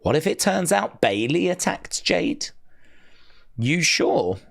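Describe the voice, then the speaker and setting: Gravelly, lively streamer chatting. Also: male voice, sits high, a little slow. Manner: chatty, sarcastic, reads chat aloud. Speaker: watch-along streamer. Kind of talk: casual live reaction chat.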